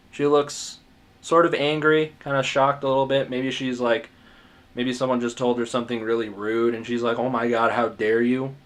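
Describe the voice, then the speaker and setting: A man's voice: medium pitch, a bit bright. A man giving a casual drawing tutorial as he sketches, rambling, muttering asides to himself, self-mocking and swearing now and then. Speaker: art tutor.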